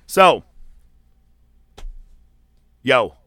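A man telling a profane, animated story in casual chat, acting out the voices of the people in it. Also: very slow, no room sound. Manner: profane, animated, acts out quotes.

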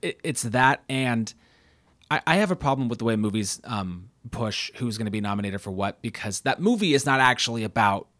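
A man's voice: medium pitch, animated, fairly quick, fairly bright tone, no room sound. Hesitant man in thoughtful film chat. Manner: hesitant, many restarts, thoughtful. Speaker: podcast co-host. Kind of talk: casual film discussion.

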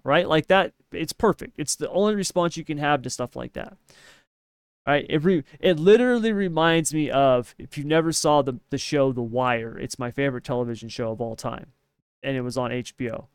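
A man's voice: fairly high pitch, normal speed, clean tone, no room sound, clean studio sound. A man co-hosting a podcast in casual opinion chat, emphatic and ranting, often tagging his points with "right?". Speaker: podcast co-host.

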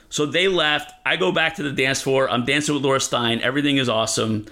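A comedian guest on a podcast telling a story in an animated, profane way, full of fillers. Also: male voice, medium pitch, fast.

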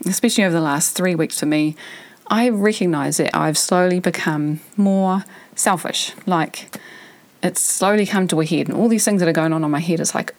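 A woman's voice: fairly low pitch, normal speed. A woman in her thirties hosting a podcast, talking frankly and reflectively as she thinks aloud. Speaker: podcast host. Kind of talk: candid personal monologue.

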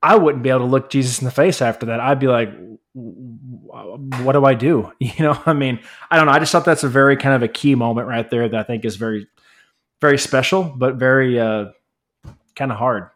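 A man co-hosting a podcast, talking through a Bible passage in an earnest, halting way with many restarts. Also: medium pitch, fairly bright tone. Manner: halting, repeats words, earnest. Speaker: podcast co-host. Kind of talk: casual Bible discussion.

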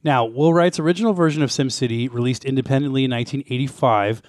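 A man co-hosts a casual podcast, talking quickly through history notes and breaking into laughs now and then. His voice sits at a middle pitch. The sound is dry and close. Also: no echo. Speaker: podcast co-host.

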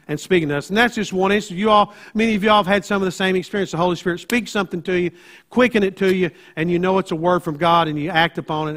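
A man preaching a sermon in a drawl, his voice unusually high and bright. He moves from easy teaching into loud, emphatic bursts. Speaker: pastor.

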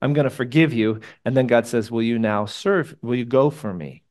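A man's voice: medium pitch, normal speed, a little mellow. A man preaching a sermon to a live congregation in a conversational, emotional way, asking his listeners questions. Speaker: pastor.

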